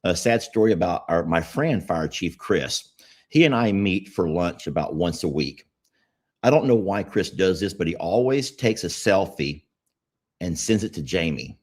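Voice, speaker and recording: A man's voice: low voice, expressive, normal speed, darkish tone, slightly rough. A man, co-hosting a casual podcast chat and telling rambling stories. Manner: rambling storytelling, easygoing. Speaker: podcast co-host.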